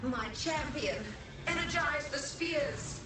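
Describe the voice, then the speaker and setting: Solemn, distant ally spirit. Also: female voice, sits high, takes it slowly. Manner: solemn, reverent declarations. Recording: distant, echoey, loud game noise.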